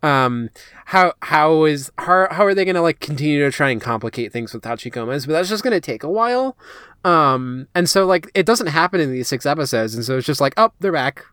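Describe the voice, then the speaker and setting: A man chats casually as a podcast co-host, animated and thinking out loud with plenty of filler words. His voice is smooth and resonant. The sound is dry and close to the mic. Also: a little high, no room sound. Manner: animated, lots of filler words, quick asides. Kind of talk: casual chat.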